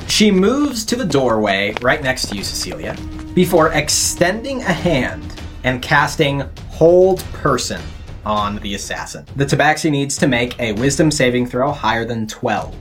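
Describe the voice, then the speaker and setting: A game master narrating a tabletop game with animated delivery and frequent laughter. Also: mid-range voice, measured pace, soft background music.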